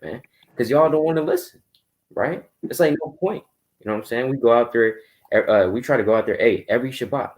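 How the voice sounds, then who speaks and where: A man preaching casually in a Bible study, telling stories of his street outreach in quick bursts. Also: medium pitch. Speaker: Bible teacher.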